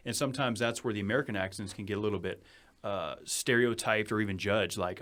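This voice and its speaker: Podcast host, man, New England accent, low-pitched, rapid-fire chat at a studio mic. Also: a bit bright. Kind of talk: casual chat. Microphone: studio microphone.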